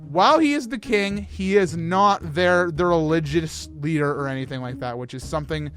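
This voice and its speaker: A man hosting a casual livestream discussion about a game, excitable and rambling, often laughing at himself. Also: on the high side, moderate pace, faint music behind. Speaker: host.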